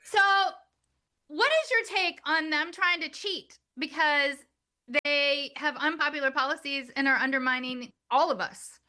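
Woman host, high bright voice, indignant and punchy. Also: a little slow. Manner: indignant, forceful, repetitive emphasis. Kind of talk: political interview talk.

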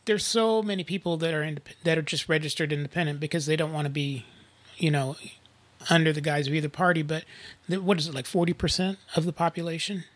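A man's voice: on the high side, quick pace, dry recording. Rambling man in dry political chat. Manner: rambling, frequent restarts, animated retelling.

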